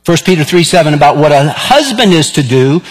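Animated pastor in his fifties. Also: on the high side, fairly quick, breathy edge. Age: 50s. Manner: animated storyteller, acts out dialogue. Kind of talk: sermon with personal storytelling. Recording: long reverb of a large hall.

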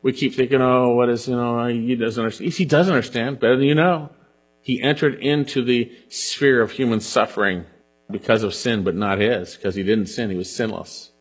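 A pastor preaching an earnest sermon and reading scripture aloud, often dropping to a hush on key points. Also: male voice, mid-range voice, fairly even intonation, normal speed, breathy edge.

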